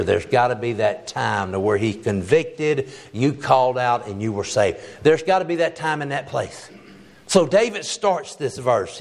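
A man preaching a sermon in a folksy, plainspoken way, stretching key phrases slowly for emphasis. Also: fairly high pitch.

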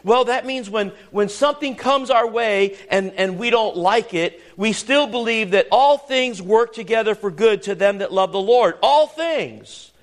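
A man with a high voice preaches a sermon to his congregation. He repeats phrases for emphasis and keeps asking the room questions. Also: expressive, a little slow, few pauses. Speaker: pastor.

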